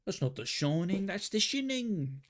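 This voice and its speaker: A man doing a fussy mock-British gent, pitched high. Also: very animated, normal speed.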